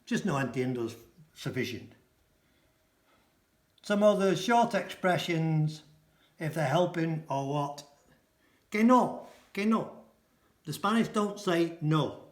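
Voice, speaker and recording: A man teaching a casual language lesson, repeating each phrase slowly and translating it. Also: on the high side, animated, reverberant. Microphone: camera mic.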